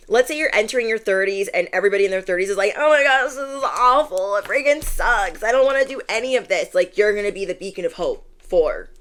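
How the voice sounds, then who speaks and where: A young woman with a medium-pitched, slightly bright voice gives a spiritual tarot reading, talking casually to her viewers. She rambles and fills her talk with asides and quoted lines.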